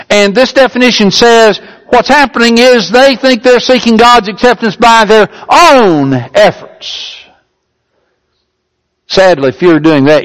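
A man with a notably high voice delivers a sermon. He leans hard on key words and slows down to stretch them out. When he reads a passage aloud his voice rises even further. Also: rough recording. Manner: emphatic, drawn-out stresses on key words; reads a definition aloud in a higher, lifted voice. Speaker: preacher.

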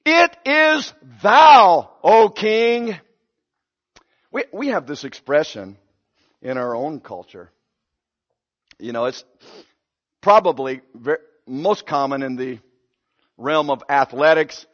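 A man preaching a sermon, retelling a Bible story with lively acted-out voices and sudden swings between loud and hushed. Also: medium pitch, measured pace, pauses often, lo-fi sound.

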